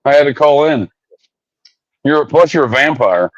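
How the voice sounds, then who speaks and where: A man's voice: fairly high pitch, expressive, moderate pace, dry recording. A man calling in by phone while cooking, mocking and insulting the host. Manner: mocking, insulting, repeats the name at line ends. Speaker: call-in guest. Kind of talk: heckling call-in banter. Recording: dull lo-fi phone call.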